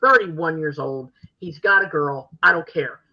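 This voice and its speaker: An older woman hosting a podcast, telling stories in an animated, gushing way. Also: deep voice, measured pace, muffled recording. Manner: animated, gushing fan storytelling. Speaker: podcast host. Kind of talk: casual chat.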